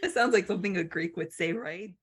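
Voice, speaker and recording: A woman's voice: lowish voice, a little fast, breathy edge. A woman guest on a podcast in casual chat, joking and frank, swearing casually.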